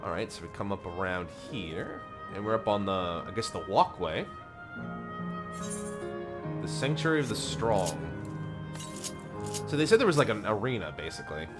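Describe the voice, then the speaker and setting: Chatty male streamer with lively pitch. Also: moderate pace, long pauses. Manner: rambling, chatty, reads game lines aloud. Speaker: game streamer. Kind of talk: casual live-stream commentary. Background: game music.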